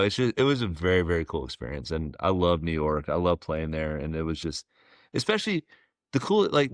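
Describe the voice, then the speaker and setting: A man in his forties, a former ballplayer, telling stories as a podcast guest in a relaxed, rambling way with plenty of fillers. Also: low voice, dry recording, clean studio sound. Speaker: guest, former pro baseball player. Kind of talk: casual storytelling interview.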